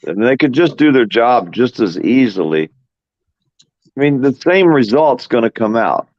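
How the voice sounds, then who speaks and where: A man's voice: mid-range voice, sing-song, a little slow, no room sound. A middle-aged man telling rambling, profane stories in casual chat as a podcast host. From moved to Florida as a teenager. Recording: dull, dry sound.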